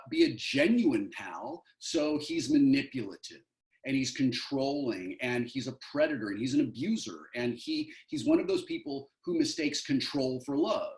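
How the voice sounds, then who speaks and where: A man answers interview questions about his acting work with thoughtful, earnest explanations. His voice sits in a middle range. The sound carries a roomy echo over a video call. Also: mid-range voice. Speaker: actor as guest.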